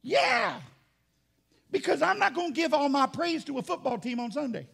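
A man preaching a sermon as pastor, emphatic and rising to shouts. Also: extremely high pitch, expressive, quick pace, gravelly.

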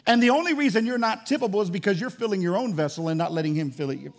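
High gravelly preaching man. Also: expressive, very fast. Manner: fervent preaching that swings from loud to hushed. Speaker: pastor. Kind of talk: sermon.

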